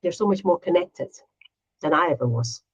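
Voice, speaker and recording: A middle-aged woman co-hosting a casual chat, animated, often acting out quotes in a higher voice. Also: moderate pace, slightly rough, dull audio. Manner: animated, acts out quotes in a high voice. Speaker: podcast co-host.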